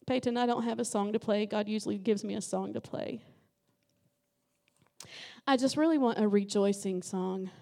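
A middle-aged woman preaching a Pentecostal sermon in a church, impassioned and rising to shouts. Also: medium pitch, moderate pace, creaky, pauses often. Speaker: guest preacher. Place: church sanctuary.

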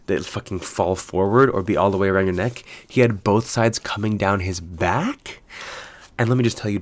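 A man with a slightly low voice chats on his own, telling stories with lively, foul-mouthed energy. He laughs often and leans hard into his punchlines. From United States. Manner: animated, profane storytelling with frequent laughs. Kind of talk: casual solo chat.

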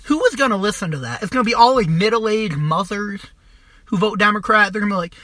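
A young adult riffs through a profane comedy rant, sneering at targets and swearing nearly every line. The voice sits bright and forward. The recording is dry and close, with no room sound. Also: mid-range voice, animated, moderate pace, no echo. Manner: crude, mocking, swears constantly, trails off and restarts. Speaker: podcast host.

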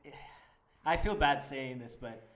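A man's voice: mid-range voice, a little slow, fairly bright tone. Earnest young man, reflective chat. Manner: earnest, reflective, laughs often. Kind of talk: casual couples chat.

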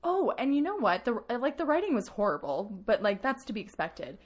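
A woman's voice: fairly high pitch, very animated, fairly quick. A woman co-hosting a podcast in casual chat, telling stories animatedly and laughing often. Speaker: podcast co-host.

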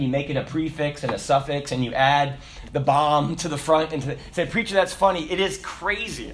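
A man preaching a sermon, telling stories with laughter in an animated, lively way. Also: fairly high pitch. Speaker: pastor.

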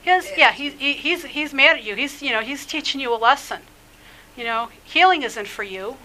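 A woman's voice: high-pitched, expressive, moderate pace, bright, forceful tone, low-quality recording. A woman rabbi preaching a sermon, fervent and exhorting, often restarting her sentences. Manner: fervent, exhorting, with many restarts and filler phrases. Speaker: rabbi preaching a podcast teaching.

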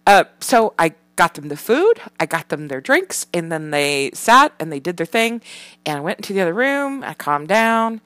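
A woman's voice: on the low side, very animated, normal speed, a bit bright, no room sound. A mother venting in a candid personal vlog. She rambles frankly, swears a lot, and fills her talk with ums, restarts and "you know". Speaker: parent.

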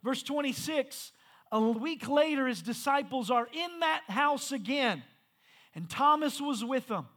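Male pastor, strikingly high pitch; conversational sermon delivery that builds to emphatic peaks. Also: lively intonation, unhurried, a bit bright. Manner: conversational, then rising to emphatic preaching with stumbles.

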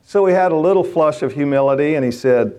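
A man's voice: fairly high pitch, quick pace, dark tone. An older man speaking to a gathering of men, telling stories in a conversational, emphatic and direct way during a motivational faith talk. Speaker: speaker addressing a men's gathering.

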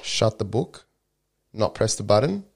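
A man's voice: on the low side, big pitch swings, measured pace, creaky, slight background noise. A young man co-hosting a podcast, chatting casually in a playful, daydreaming way, calling his friend "bro.". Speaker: podcast co-host. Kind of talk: casual chat.

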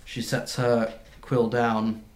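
A man narrating as game master of a tabletop game, halting and full of fillers. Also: medium pitch, level tone, echoey room. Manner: halting, with many fillers and restarts.

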